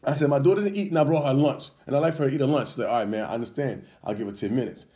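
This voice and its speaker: A man co-hosting a podcast, telling a heated story in casual chat, animated and profane, acting out arguments. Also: mid-range voice, very fast. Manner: animated, profane, acts out confrontations. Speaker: podcast co-host.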